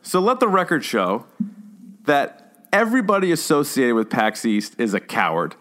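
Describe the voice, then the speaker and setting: A man's voice: mid-range voice, big pitch swings, normal speed, fairly bright tone. A man co-hosting a podcast, ranting in casual banter with mock outrage and frequent swearing. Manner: indignant, profane, mock-outraged. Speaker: podcast co-host.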